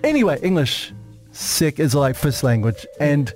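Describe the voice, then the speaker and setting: A man's voice: on the high side, big pitch swings, unhurried, darkish tone, faint music behind. A middle-aged man with a New Zealand accent, hosting a radio show in casual, joking banter and laughing often. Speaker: radio host. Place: radio studio.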